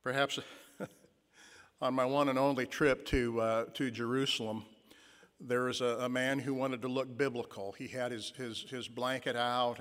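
A man's voice: medium pitch, fairly bright tone, smooth. A man preaching a sermon. He muses with fillers and retells a story vividly in the second person. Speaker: pastor. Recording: long reverb of a large hall.

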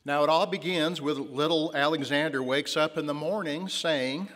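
A pastor delivers a story-filled sermon in a fairly high man's voice, slowing down on the lines he wants to land. His words hang in a long reverb from the church around him. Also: a bit bright. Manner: storytelling, slows for emphasis.

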